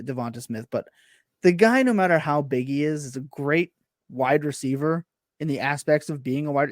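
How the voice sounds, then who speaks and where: A man's voice: on the high side, no echo, clean studio sound. A man co-hosting a casual sports podcast, rambling and correcting himself with enthusiasm. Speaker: podcast co-host.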